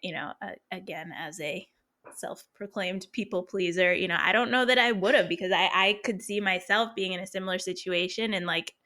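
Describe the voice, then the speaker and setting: A woman host with a lowish, sharp, bright voice responds to her guest in a reflective, affirming way. She thinks aloud and uses filler words as she builds her point. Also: fairly quick. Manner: reflective and affirming, with many backchannel murmurs. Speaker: podcast host. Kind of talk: casual interview chat.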